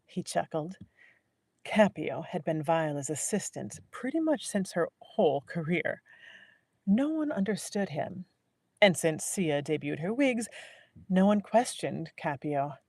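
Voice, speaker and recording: A woman narrating a novel in a live audiobook reading, measured and willing to restart a line. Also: deep voice, expressive, a little mellow, dry recording, studio quality. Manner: measured, restarts lines to correct herself.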